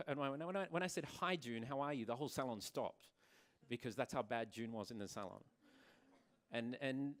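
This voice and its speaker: A man speaks to a conference audience about the salon he runs. His voice sits at a medium pitch, and he sounds earnest. He often stumbles over words, repeats them, and starts his sentences again. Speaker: salon owner and presenter. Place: conference venue.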